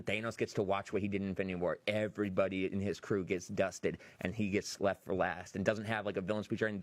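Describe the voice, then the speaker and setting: Guy on a podcast gushing about a movie, talks super fast, lowish voice, dry close sound. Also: dry recording. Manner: animated retelling, acts out quotes. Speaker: podcast host. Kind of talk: excited movie review chat.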